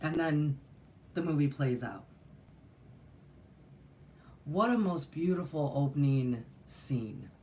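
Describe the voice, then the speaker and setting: A woman's voice: deep voice, lively intonation, takes it slowly, pauses often, darkish tone, slight background noise. A middle-aged woman telling a personal story in a rambling, earnest way, with many fillers and restarts. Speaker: spiritual teacher and channel host. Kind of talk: casual storytelling monologue.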